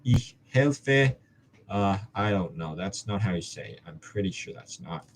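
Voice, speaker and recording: A man's voice: deep voice, lively intonation, measured pace, a little hiss or hum. A young man from Hong Kong, a student vlogger, muttering and joking to himself as he studies. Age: young adult. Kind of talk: study-with-me self-talk.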